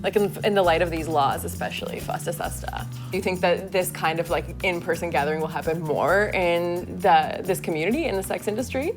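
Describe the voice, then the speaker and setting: An American woman reporter interviewing and narrating a documentary, asking questions in a gentle, reassuring way. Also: lowish voice, fairly quick, music in the background.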